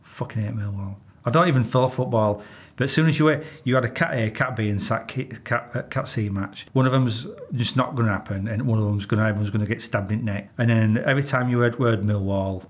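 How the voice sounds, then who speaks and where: A man's voice: lowish voice, fast talker. A man with a Yorkshire accent, a retired police officer telling stories in an interview, blunt and exasperated, swearing freely. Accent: Yorkshire English. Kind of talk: candid interview storytelling.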